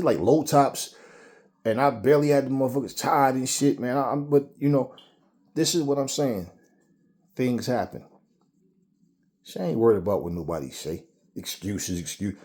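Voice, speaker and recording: Male host, mellow mid-pitched voice, casual profane storyteller who rambles. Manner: profane, rambling, repeats words. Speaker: boxing channel host.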